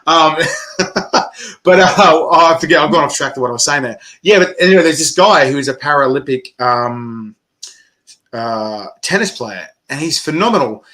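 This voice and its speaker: A man's voice: fairly high pitch, expressive, normal speed, bright, forceful tone. A man with an Australian accent hosting a casual chat, rambling with lots of fillers and laughing often. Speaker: host.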